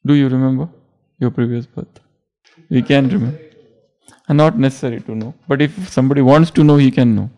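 Gravelly man giving a spiritual discourse. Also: medium pitch, mellow. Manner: repeats words for emphasis, unhurried. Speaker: spiritual teacher.

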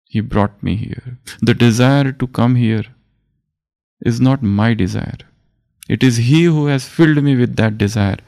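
A man giving a spiritual discourse as a teacher, speaking slowly and deliberately and repeating his phrases. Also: mid-range voice, vocal fry, warm tone.

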